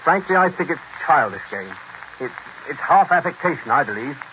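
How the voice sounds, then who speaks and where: A man's voice: on the high side, big pitch swings, fairly quick, noisy background. A prim, disapproving Englishman. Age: middle-aged. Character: short, fussy middle-aged Englishman. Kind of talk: 1940s radio acting. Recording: dull lo-fi 1940s radio recording.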